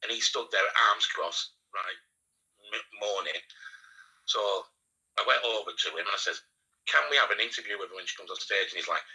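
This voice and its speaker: Man, Northern English accent, husky, very bright tone, animated storyteller. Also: low-pitched, fairly quick, rough recording. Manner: animated storyteller acting out quotes, laughing often. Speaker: radio presenter guest. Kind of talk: casual anecdote telling.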